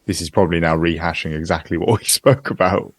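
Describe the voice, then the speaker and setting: Lower-voiced man, dry analytical podcast chat. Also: steady tone, fast, dry recording. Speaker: podcast co-host. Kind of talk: casual chat.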